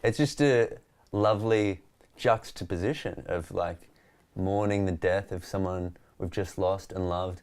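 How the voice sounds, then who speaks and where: Deep-voiced Australian man telling stories. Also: unhurried, smooth, dry recording. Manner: relaxed, storytelling, reflective. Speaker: stand-up comedian, guest. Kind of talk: interview conversation.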